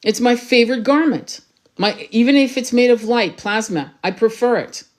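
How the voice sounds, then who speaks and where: A woman's voice: fairly high pitch, moderate pace. A woman tarot reader, raised in France, talking passionately and urgently to her livestream viewers, swearing freely and repeating herself for emphasis.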